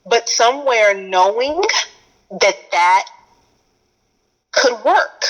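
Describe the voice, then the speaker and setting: A woman's voice: medium pitch, expressive, extremely slow, low-quality recording. A woman from Texas with a Texan accent, an educator talking earnestly in casual conversation, repeating phrases for emphasis. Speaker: educator, guest.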